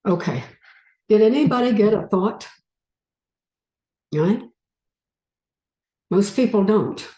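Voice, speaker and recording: A woman giving a spiritual talk and leading her audience through a guided exercise, gently coaxing and unhurried. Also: mid-range voice, lively intonation, echoey room, poor audio. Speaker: speaker leading a group exercise.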